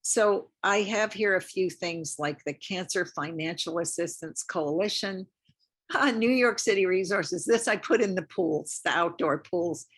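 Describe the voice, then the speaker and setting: A woman's voice: fairly low pitch, measured pace, husky. An older woman lecturing at a community health talk, chatty and encouraging, often repeating herself for emphasis. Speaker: lymphedema lecturer. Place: community center lecture room.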